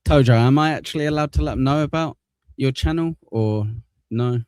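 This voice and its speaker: A man's voice: mid-range voice, brisk, a little mellow, clean tone, no echo. A man hosting a casual live stream, blunt and swearing, reading viewer messages aloud.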